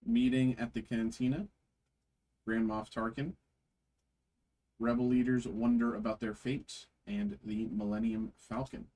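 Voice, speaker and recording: A man hosting a trading card break, reading card names aloud slowly with frequent fillers. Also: medium pitch, flat delivery, mellow, low-quality recording.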